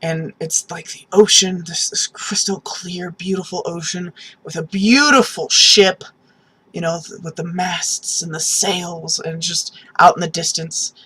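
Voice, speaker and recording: A woman giving a casual, animated spoken review of a TV episode, with lots of "um"s and restarts, sometimes acting out characters' reactions. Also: on the low side, measured pace, breathy edge, rough recording. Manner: animated, many ums and restarts, acts out reactions.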